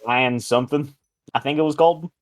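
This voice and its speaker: A man with a slightly high voice jokes through a tabletop game session. He talks in a teasing, coaching way. The sound is dry and close. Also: a little fast, no echo. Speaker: tabletop player. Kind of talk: casual in-character tabletop play.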